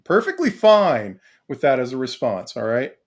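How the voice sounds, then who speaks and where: A man co-hosting a casual podcast chat, rambling and excitable, laughing often. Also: mid-range voice, moderate pace, a little hiss or hum. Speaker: podcast co-host.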